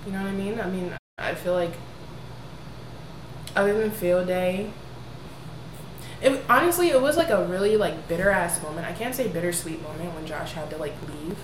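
A woman's voice: lowish voice, moderate pace, pauses often, distant mic. A young woman co-hosting a podcast, bantering in loose, slangy, profane casual talk. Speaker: podcast co-host. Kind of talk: casual chat. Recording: roomy echo, away from the mic, noisy.

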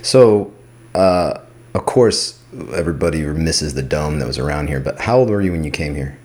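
A man hosts a casual podcast. His voice sits very low but swings widely in pitch. He keeps things moving with eager questions and a friendly "dude". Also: expressive, moderate pace, a little mellow. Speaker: podcast host. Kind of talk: casual chat.

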